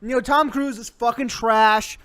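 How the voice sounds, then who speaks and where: A man's voice: very high voice, steady tone, normal speed, bright, forceful tone, smooth. A man hosting a comedy show, ranting angrily and swearing constantly, with mock threats. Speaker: host. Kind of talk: comedic profane rant.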